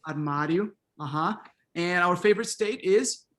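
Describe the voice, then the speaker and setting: A middle-aged man with a high, somewhat bright voice and moderate pace instructs a pronunciation workshop online over video call. Calling on students, he repeats words back to them and frequently offers affirmations.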